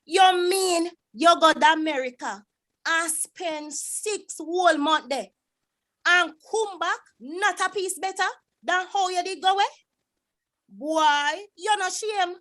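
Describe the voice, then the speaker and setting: A woman reciting a dialect poem as a proud, exasperated Jamaican mother scolding her son, in a sharp, reproachful voice. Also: extremely high pitch, slow, voice pushed up, full character voice.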